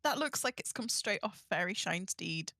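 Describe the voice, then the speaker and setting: A woman's voice: mid-range voice, lively intonation, normal speed, vocal fry, pushed and bright, no echo, studio quality. A woman co-hosting a game livestream, chatting in a playful, giggly way. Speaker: co-host on a game stream. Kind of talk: casual livestream chat.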